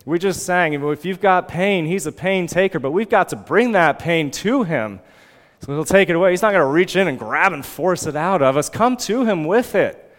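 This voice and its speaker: A man in his forties preaching a sermon as pastor, earnest and lively, now and then acting out pleading prayers. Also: high-pitched, normal speed, in a large hall.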